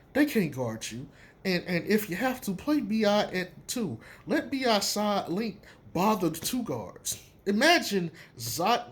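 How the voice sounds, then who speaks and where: A man giving casual basketball opinions in an emphatic, profane, animated way. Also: a little high. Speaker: sports commentator. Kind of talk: casual sports opinion talk.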